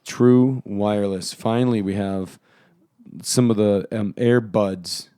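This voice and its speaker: A man co-hosting a podcast in casual chat, joking, quick and chatty. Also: lowish voice, fairly even intonation, dark tone, clean tone, no echo, clean studio sound. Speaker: podcast co-host.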